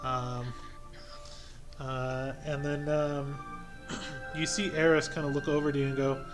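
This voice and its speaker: A man narrating a tabletop game as game master, relaxed and hesitant with many fillers. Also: medium pitch, slow pace, long pauses. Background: music.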